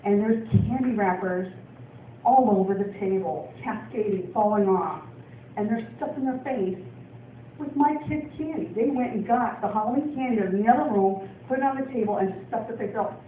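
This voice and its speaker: A woman's voice: mid-range voice, moderate pace, slight background noise. A woman from Portland, Oregon, doing a stand-up comedy set, rambling with lots of ums and laughs. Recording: distant, echoey, phone-like club recording.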